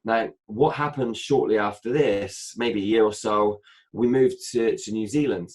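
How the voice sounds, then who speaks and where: His voice is on the low side and a little slow as he, a guest in a laid-back interview, relates a lengthy story. He animatedly acts out what everyone said, full of "I said" asides.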